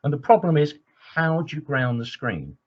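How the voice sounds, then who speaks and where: A man's voice: on the high side, sing-song, moderate pace. A man teaching as an engineering trainer in a webinar lecture, enthusiastic and digressive, with many fillers. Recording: dull lo-fi webinar audio.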